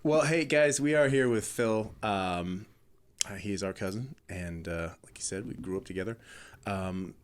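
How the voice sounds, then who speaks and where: A man's voice: lowish voice, moderate pace. A man co-hosting a podcast in casual chat, laid-back, chuckling often, with a lot of ums. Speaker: podcast co-host.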